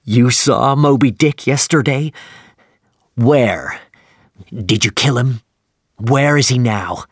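A man voicing an obsessed, furious old sea captain who shouts fierce commands. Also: medium pitch, slow pace, long pauses, husky, no echo, studio quality. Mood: eager.

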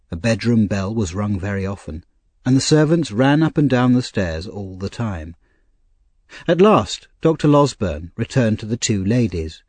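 A male narrator reads a classic story with a lively, rising and falling delivery. His voice has a slightly husky grain, and it is recorded close and dry with no room sound. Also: lowish voice, no room sound. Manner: expressive, clear storytelling. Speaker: audiobook narrator.

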